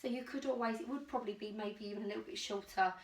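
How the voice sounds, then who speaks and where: A woman's voice: medium pitch, very fast. A woman with an English accent rambling casually through a clothing try-on vlog at home, self-deprecating and a little out of breath. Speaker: YouTuber doing a clothing try-on haul. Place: home, indoors.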